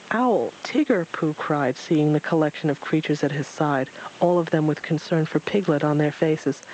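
A man reading a storybook aloud in a gentle, even voice. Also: on the high side, slight background noise, low-quality recording.

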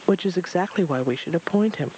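A man voicing a kind, wrinkled old stranger in a storybook reading, speaking calmly and gently. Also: high-pitched, quick pace, lo-fi sound, slight background noise, pitched above the performer's own voice. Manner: calm and gentle.

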